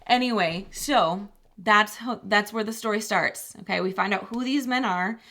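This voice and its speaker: Middle-aged woman, podcast co-host, casual storytelling, chatty and laughing, mid pitch. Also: normal speed, fairly bright tone. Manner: chatty, laughing, acts out quoted people.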